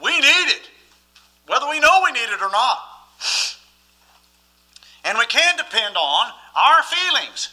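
A man's voice: extremely high pitch, big pitch swings, measured pace, pauses often, bright, forceful tone, rough recording. A man preaching a sermon as pastor, emphatic and often asking the listeners questions.

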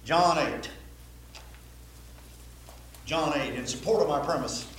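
A man's voice: a little high, takes it slowly, fairly bright tone, a little hiss or hum. A man preaching a sermon to a Baptist congregation, emphatic and repetitive, often asking the listeners questions. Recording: very echoey hall, faint ambience.

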